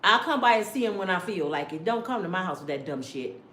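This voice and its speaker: A middle-aged woman giving loud, sassy celebrity gossip commentary, ranting and acting out quotes. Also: lowish voice, lively intonation, fast. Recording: echoey room.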